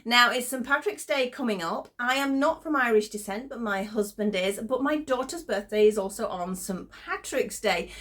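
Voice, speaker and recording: A middle-aged woman, a little hoarse, chatting enthusiastically through a crochet tutorial as the channel host. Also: on the high side, normal speed, few pauses, fairly bright tone. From United Kingdom. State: slightly hoarse.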